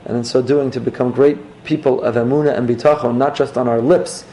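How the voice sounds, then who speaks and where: A man, a rabbi, giving a sermon as an animated storyteller. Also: medium pitch, brisk.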